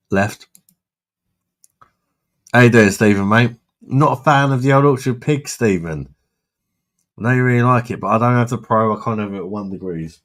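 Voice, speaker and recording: A man hosting a casual live stream, chatting with viewers in a blunt, sweary way and laughing often. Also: on the low side. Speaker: livestream host reading chat.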